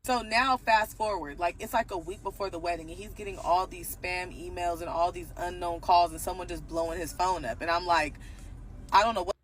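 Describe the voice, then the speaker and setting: A young woman telling a personal story in a casual, animated way, acting out quotes and bursting into loud outrage. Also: lowish voice, a little fast, poor audio.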